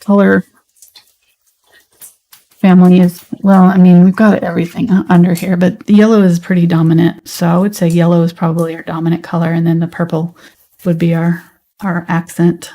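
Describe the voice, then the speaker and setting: A woman with a light Southern US accent, teaching a live painting tutorial in a relaxed, chatty way while she paints. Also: lowish voice, moderate pace. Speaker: painting instructor.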